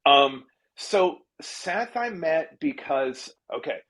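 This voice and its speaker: A man telling stories as a guest in a casual interview, his voice somewhat higher than most men's. He is chatty and self-deprecating, laughing often and restarting his sentences. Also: lively intonation, slow pace, fairly bright tone. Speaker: comedy television writer and guest.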